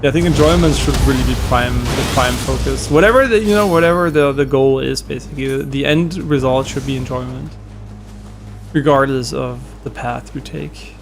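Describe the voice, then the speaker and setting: A man's voice: mid-range voice, moderate pace, gravelly, faint music behind. A young man streaming a game, chatting casually and rambling with lots of fillers and easy laughter. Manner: rambling, loose, laughs often, many fillers. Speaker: gaming streamer. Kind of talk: casual chat while streaming gameplay.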